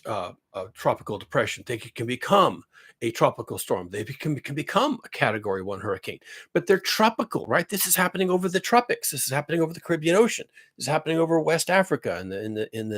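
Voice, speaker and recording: A man's voice: medium pitch, very animated, quick pace, a bit bright. A man talking casually and exasperatedly, rambling with many restarts as he explains weather to his audience. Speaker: climate commentary vlogger. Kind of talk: casual talk.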